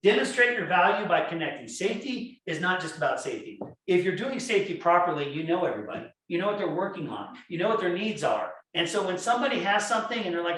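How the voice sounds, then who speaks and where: A man lectures at a conference with lively, storytelling energy, acting out the voices in his examples. His voice sits a bit high for a man and carries heavy room echo from a distance, as if picked up in a large hall. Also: fast talker, hardly any pauses. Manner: animated storytelling, acts out quoted dialogue. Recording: echoey hall, speaker far from mic, faint noise.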